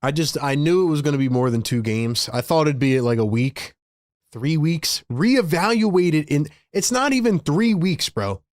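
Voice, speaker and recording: Ranting man with a high voice. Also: expressive, normal speed, dry recording, clean studio sound. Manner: frustrated, ranting, says "bro" a lot. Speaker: sports stream host. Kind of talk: live stream fan rant.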